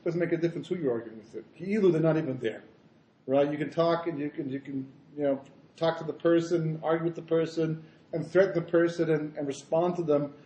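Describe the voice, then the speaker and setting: A man rabbi giving a Torah lecture in an animated storytelling way, full of asides. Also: on the high side, a little fast. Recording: roomy echo.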